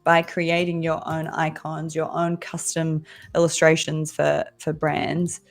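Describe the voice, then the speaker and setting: A woman's voice: deep voice, completely flat delivery, a little slow, vocal fry. A young woman designer chatting casually while she draws on a livestream, thinking aloud as she goes. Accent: Australian-sounding but not Australian. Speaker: designer guest.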